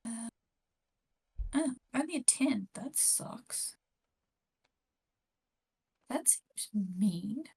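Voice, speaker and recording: A woman at a tabletop game night, talking casually and breaking into excited cheers when the dice go her way. Her voice sits fairly high with a gravelly edge. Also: extremely slow, pauses often. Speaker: player.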